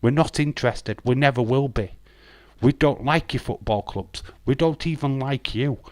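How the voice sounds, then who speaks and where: An English man hosting a casual live stream, swearing bluntly and ranting, his voice hoarse. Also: mid-range voice, normal speed, no room sound. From England.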